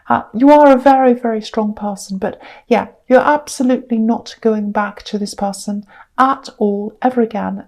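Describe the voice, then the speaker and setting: A woman's voice: on the high side, dark tone. A woman giving a tarot reading straight to the viewer, emphatic and repetitive, with many ums and the odd drop to a whisper. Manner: emphatic, repeats words, frequent ums, sometimes drops to a whisper. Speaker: tarot reader.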